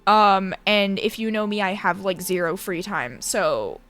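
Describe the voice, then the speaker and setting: A woman's voice: mid-range voice, unhurried, a bit bright, soft background music. A woman streamer chatting casually with viewers in a rambling, giggly way. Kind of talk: casual chat.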